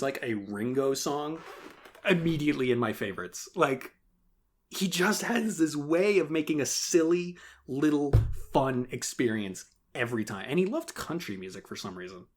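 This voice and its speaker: A man co-hosting a casual podcast chat, animated and blunt, swearing and laughing often. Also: fairly high pitch. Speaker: podcast co-host.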